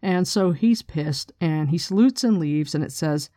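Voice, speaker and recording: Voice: medium pitch, unhurried, hardly any pauses, mellow, dry recording, studio quality. A podcast host in a casual book discussion, chatty and irreverent, swearing casually.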